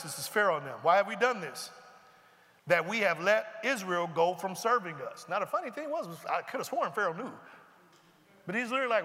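A man preaching a sermon, reading scripture aloud and explaining it in animated, conversational asides. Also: high-pitched, fairly quick. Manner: animated, conversational, breaks into asides and mimics characters. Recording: long reverb of a large hall.

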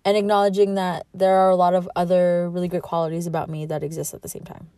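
Mellow-voiced woman rambling on her podcast. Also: on the low side, flat delivery, fast, clean tone, no room sound, studio quality. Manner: rambling, heartfelt, self-reflective, with laughs. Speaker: podcast host. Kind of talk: candid solo podcast monologue.

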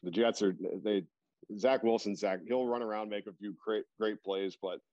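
A man's voice: on the low side, steady tone, moderate pace, darkish tone, dry recording. A man chatting casually about sports on a podcast, rambling with lots of fillers and restarts. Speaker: podcast guest. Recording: dull, dry lo-fi recording.

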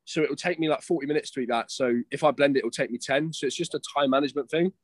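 A young man talks quickly and casually, rambling on and swearing freely, with "mate" and "bro" dropped into nearly every sentence. His voice sits a little high for a man and sounds close and dry, with almost no room around it. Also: dry recording. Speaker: guest, competing bodybuilder. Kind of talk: casual chat.

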